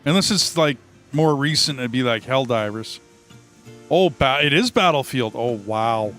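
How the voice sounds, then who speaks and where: A man's voice: medium pitch, animated, normal speed, fairly bright tone, soft background music. Tired male host, easygoing and musing, casual game-night banter on a headset. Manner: laid-back, musing aloud. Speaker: gaming channel host. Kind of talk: casual gaming chat.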